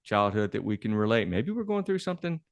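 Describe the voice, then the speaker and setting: A man co-hosting a talk show, speaking in a halting way and searching for his words. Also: lowish voice, sing-song, no room sound. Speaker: podcast co-host. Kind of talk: casual chat.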